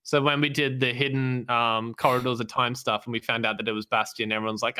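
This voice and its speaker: A man's voice: medium pitch, level tone, fairly quick, sharp tone, clear, resonant tone. A man co-hosting a casual gaming podcast, speaking in an upbeat, optimistic way. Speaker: podcast co-host.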